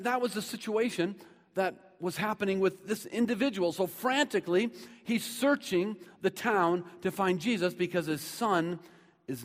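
Conversational pastor in an echoing hall. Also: male voice, high voice. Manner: conversational preaching, swings from loud to hushed. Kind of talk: sermon.

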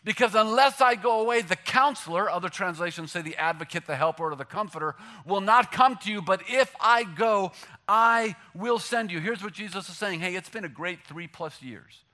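A man preaching, his voice pitched high and bright. He jokes freely, pushes his punchlines out loudly, then drops to a near hush to land a point. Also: moderate pace. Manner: animated, joking, shifts from loud punchlines to hushed emphasis. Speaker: pastor. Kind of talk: sermon.

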